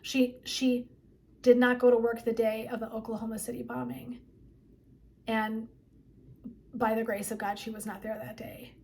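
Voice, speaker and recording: Chatty woman wellness coach, higher voice. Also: flat delivery, normal speed, long pauses, darkish tone. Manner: chatty and emphatic, frequent 'like' and 'right?'. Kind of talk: motivational talk to viewers.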